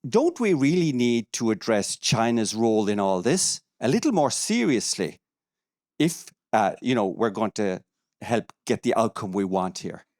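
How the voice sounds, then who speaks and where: A man asking a question at a conference, earnest and a little hesitant. His pitch moves a lot, and the sound is dry and close. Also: very animated, unhurried, darkish tone, no echo. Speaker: audience member, independent podcaster. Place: conference room.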